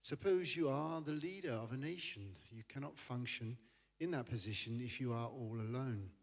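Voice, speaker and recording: A man at a middle pitch reads a short passage aloud to a congregation. He reads steadily and deliberately, stumbling briefly on a word now and then. The voice is plain and natural. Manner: steady, careful reading with small stumbles. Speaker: volunteer reader. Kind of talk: reading a text aloud.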